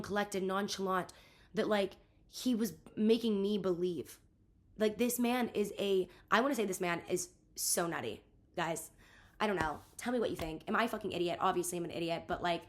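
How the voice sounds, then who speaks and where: A young woman in her twenties telling a rambling storytime vlog, venting and exasperated, full of "like" and acted-out quotes. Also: medium pitch. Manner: rambling, heavy use of "like", quoting others. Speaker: vlogger.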